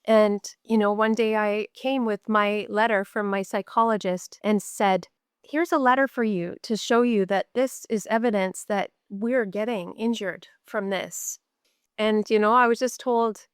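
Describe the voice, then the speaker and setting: A woman's voice: mid-range voice, moderate pace, clear, resonant tone, no echo, studio quality. A middle-aged woman from Canada, a mental health nurse, talking candidly in an interview and repeating words for emphasis. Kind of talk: podcast interview storytelling.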